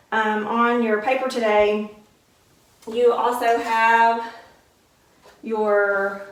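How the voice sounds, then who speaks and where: A woman with a Southern US accent, teaching a slow, clear, encouraging phonics lesson to first graders and sounding words out. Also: medium pitch. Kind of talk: recorded phonics lesson for young children. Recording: distant echoey classroom recording.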